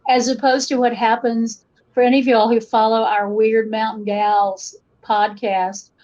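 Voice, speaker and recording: A woman's voice: on the high side, unhurried. A middle-aged woman from western North Carolina with an Appalachian Southern accent, telling stories as a guest in a casual interview. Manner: lively storytelling, shifts accent to match listeners. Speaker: guest folklorist. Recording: muffled lo-fi audio.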